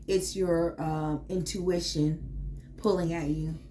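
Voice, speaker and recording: A woman's voice: sits low, steady tone, slow pace, mellow, slight background noise. A woman giving a casual tarot reading in a blunt, emphatic way, swearing freely as she urges her listeners on. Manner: blunt and profane; emphatic, pep-talk delivery. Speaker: tarot reader.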